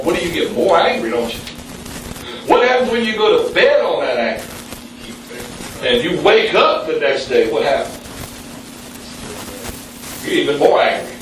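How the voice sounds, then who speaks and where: A man preaching a sermon in a church, calling on the congregation for responses and jumping up in pitch for emphasis. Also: lively intonation, normal speed, long pauses, slight background noise. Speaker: pastor. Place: church sanctuary. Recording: very echoey room, mic at a distance.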